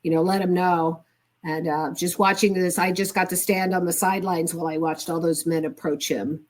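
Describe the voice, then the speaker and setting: A woman's voice: lowish voice, steady tone, moderate pace. An older woman speaking as a podcast guest, telling candid, chatty stories with lots of reported dialogue. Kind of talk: casual storytelling interview.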